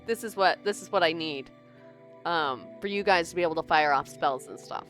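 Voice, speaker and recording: A woman's voice: low-pitched, a little fast, fairly bright tone. Chatty woman streamer, laughs a lot, faint music in the background. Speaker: game streamer. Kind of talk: casual gameplay commentary.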